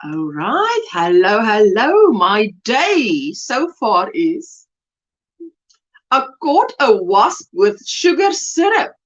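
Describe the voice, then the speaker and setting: A woman's voice: medium pitch, huge pitch swings, slow, dull audio. A woman hosting a casual crochet livestream, chatting and greeting viewers by name, with frequent laughter. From South Africa. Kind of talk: casual live-stream chat. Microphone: webcam.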